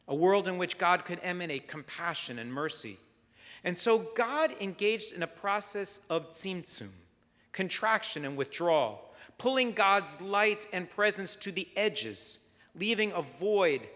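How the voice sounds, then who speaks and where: Guy rabbi preaching slow and thoughtful, kinda high voice, big echoey sanctuary. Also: sharp tone. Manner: measured, reflective preaching with storytelling. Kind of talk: sermon. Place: synagogue sanctuary. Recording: long hall reverb.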